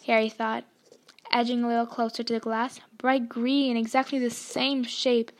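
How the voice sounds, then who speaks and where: A woman reading a novel chapter aloud with expressive storytelling. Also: sits high. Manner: expressive storytelling, voicing dialogue. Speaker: reader.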